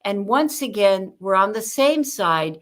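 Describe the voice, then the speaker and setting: An older woman, a guest on an interview show, telling lively stories about communication and acting out the people she quotes. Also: mid-range voice, measured pace. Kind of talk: conversational interview with storytelling.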